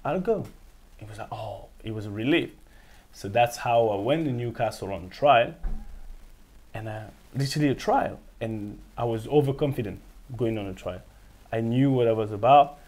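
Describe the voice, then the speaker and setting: A man's voice: mid-range voice, normal speed. A man from France, speaking English with a French accent, telling his story as an interview guest and acting out the people in it. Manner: animated, acts out quoted voices, laughs often. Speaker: guest, former footballer.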